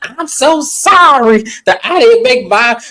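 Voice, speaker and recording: A man mimicking an exasperated woman reality star, with a shrill, high voice and a ranting, sarcastic manner. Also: animated, slow, a bit bright. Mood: indignant.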